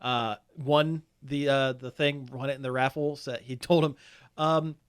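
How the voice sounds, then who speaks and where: A man's voice: medium pitch, fairly even intonation, measured pace, smooth. A man hosting a podcast, chatting casually and rambling with lots of fillers and restarts. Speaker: podcast host. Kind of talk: casual chat.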